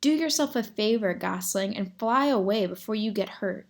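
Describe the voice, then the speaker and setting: A woman's voice: medium pitch, lively intonation, normal speed. A woman voicing a young, bossy female bear in a storybook, sarcastic and mocking.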